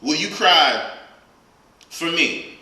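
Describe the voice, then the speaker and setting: A man's voice: fairly high pitch, lively intonation, drawn-out words, sharp tone. A man at a live reading, performing spoken-word poetry with rhythmic, emphatic questions and then talking casually to the audience. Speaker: featured poet. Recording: very echoey room.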